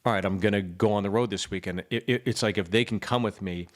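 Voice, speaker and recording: Low-voiced, easygoing man. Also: fast. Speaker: podcast co-host. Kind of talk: casual podcast chat.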